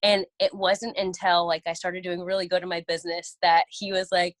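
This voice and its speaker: A woman's voice: fairly low pitch, flat delivery, moderate pace, hardly any pauses, dry recording. Sassy laughing woman telling stories. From Oklahoma. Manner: sassy, laughing, acts out quoted people. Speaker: guest, network marketing distributor. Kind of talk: animated personal storytelling.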